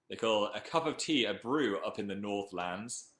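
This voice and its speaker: A man's voice: lowish voice, lively intonation, normal speed, fairly bright tone, echoey room. A young man with a Northern English accent, chatting casually on a live stream and reading viewer comments aloud. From Northern England.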